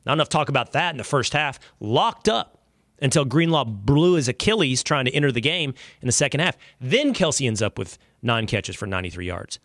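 A man's voice: mid-range voice, big pitch swings, a little fast, fairly bright tone, dry recording, clean studio sound. A man hosting a show, giving emphatic, conversational sports opinion commentary. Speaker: show host.

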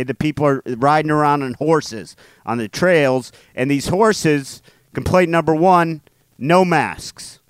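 A man's voice: mid-range voice, dry recording. A man co-hosting a podcast, chatting casually and ranting in a joking, mock-indignant way. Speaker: podcast co-host. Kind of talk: casual chat. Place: New York City.

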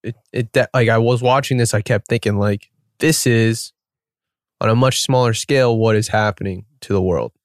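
Animated man riffing in casual chat. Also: fairly low pitch, normal speed, no echo, clean studio sound. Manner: animated storyteller, riffs with exaggerated scenarios. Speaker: podcast co-host.

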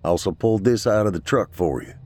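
A man reading aloud and voicing a firm, gruff male army veteran who speaks tersely. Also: fairly low pitch, fairly quick, darkish tone, close to an everyday voice.

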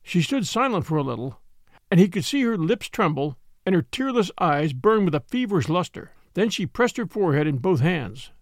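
A man narrating a classic story in an audiobook, with expressive, dramatic delivery. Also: high-pitched, moderate pace, no room sound, clean studio sound. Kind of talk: scripted narration.

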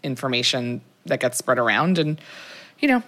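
Low-voiced woman podcast co-host. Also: big pitch swings, moderate pace, a bit bright. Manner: earnest, rambling, with sudden jumps in pitch. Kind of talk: casual podcast chat.

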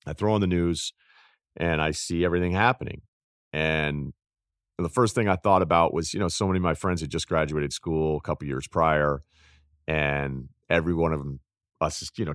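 A man's voice: rumbling low, steady tone, brisk, fairly bright tone, no echo, studio quality. A man in his forties, hosting a podcast, tells a personal story in a rambling, reflective, confessional way, with lots of fillers and restarts. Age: 40s. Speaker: podcast host.

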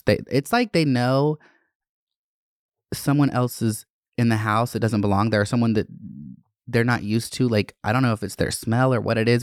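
Woman in her twenties, podcast host; candid, profane, open-hearted casual chat; smooth, dry delivery. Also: rumbling low, dry recording. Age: 20s.

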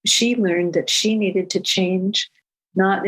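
An older woman, a parenting educator, answering an interview question in a calm, measured storytelling manner. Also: mid-range voice, slightly rough, low-quality recording.

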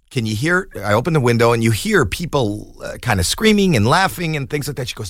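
A man's voice: medium pitch, fairly quick, hardly any pauses, no echo, clean studio sound. A middle-aged man, a comedian guest on a podcast, telling an anecdote with laughter and put-on voices for the people in it. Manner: animated, laughing, voices in quotes. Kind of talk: storytelling anecdote.

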